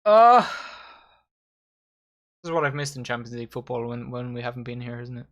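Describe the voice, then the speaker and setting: A young man giving excitable, sweary live commentary while hosting a football watchalong. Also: medium pitch, rapid-fire, muffled recording. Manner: excitable, swearing, addresses viewers as lads. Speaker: watchalong host.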